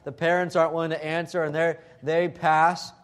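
A man's voice: a little high, flat delivery, normal speed, smooth. A man preaching a sermon emphatically, weaving in scripture quoted in old-fashioned wording.

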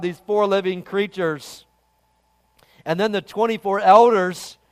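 A man with a high, smooth and resonant voice preaching a sermon. He swells into loud, emphatic declarations and then sinks back to soft, earnest reflection. His tone rings clear throughout. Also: in a large hall. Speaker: pastor.

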